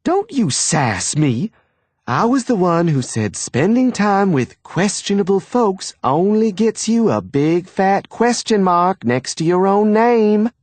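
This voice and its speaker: A man voicing a bossy, gossiping middle-aged mother, in a sharp, domineering manner. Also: lowish voice, very animated, measured pace, no echo, voice pushed up. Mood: scolding.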